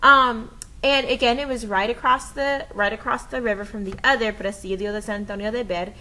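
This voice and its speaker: A woman's voice: a little high, fairly even intonation, brisk, pushed and bright, rough recording. A woman presenting a recorded history lesson, explaining step by step in a playful, enthusiastic way with dramatic sound effects and frequent checks like "okay?".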